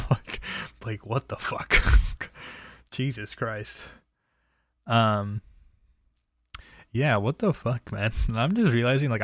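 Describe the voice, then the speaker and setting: A young man from New Jersey rambles through a story with lots of swearing and easy chatter. His voice sits a little low. The sound is dry and close, with no room around it. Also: dry recording. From New Jersey, USA. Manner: loose, profane and chatty, laughing at his own stories. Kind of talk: casual personal storytelling.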